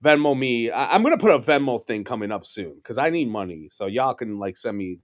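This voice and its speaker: A man's voice: mid-range voice, lively intonation, a little fast. A man in his forties with a New York accent, a podcast guest telling rambling stories in casual chat, swearing and laughing as he goes. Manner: rambling, swears freely, laughs mid-story.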